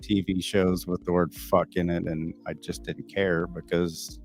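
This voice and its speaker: Middle-aged Texan man, very low voice, blunt and cussing livestream host, faint music underneath. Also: little pitch movement, measured pace. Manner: candid, blunt and profane, answering viewers off the cuff. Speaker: livestream host reading chat. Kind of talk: casual live stream chat.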